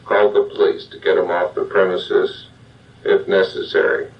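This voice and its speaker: An older man, a psychologist, giving a measured self-help talk straight to the listener. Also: sits low, little pitch movement. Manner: plain, measured, addresses the listener directly. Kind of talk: slow guided self-help monologue. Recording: dull lo-fi sound, distant from the mic.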